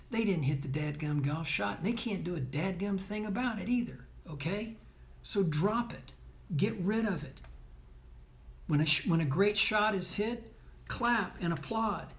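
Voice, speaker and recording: A man's voice: high voice, fairly bright tone. A man coaching athletes and parents, speaking emphatically and bluntly, often checking in with "right?" and "okay?". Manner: blunt, scolding tone. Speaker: sports performance coach. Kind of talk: motivational talk.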